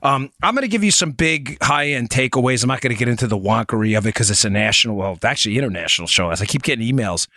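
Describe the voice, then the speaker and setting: A man hosting a political talk podcast, talking casually and animatedly, with quick asides and sudden raised emphasis. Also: no echo, studio quality. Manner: animated, conversational, swings between low asides and high emphasis. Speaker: podcast host. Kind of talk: political talk show with ad read.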